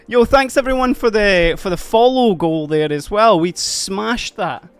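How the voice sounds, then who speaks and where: A man's voice: high voice, unhurried, smooth, soft background music. A Scottish man hosting a casual livestream, chatty and upbeat, thanking viewers as he reads the chat. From Scotland. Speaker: livestream host.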